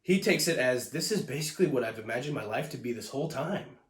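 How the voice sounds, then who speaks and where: A man giving a casual, rambling review of a TV episode, often restarting sentences and getting animated. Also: mid-range voice, quick pace. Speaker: TV show reviewer. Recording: echoey room.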